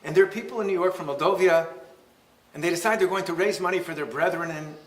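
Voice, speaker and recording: A man, a rabbi, giving a lecture and telling stories in an animated, humorous way. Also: sits high, fast. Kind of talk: lecture with storytelling. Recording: roomy hall echo.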